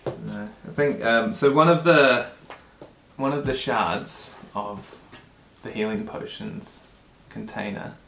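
A man running a tabletop game as game master, narrating slowly with many pauses and ums. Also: mid-range voice, gravelly, a bit bright. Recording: echoey room with faint noise.

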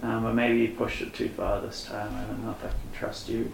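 A man voicing a harsh, curt male officer who threatens his troops, in a gravelly voice. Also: fairly low pitch, monotone, fairly quick, distant mic. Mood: stern. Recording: echoey room with faint noise.

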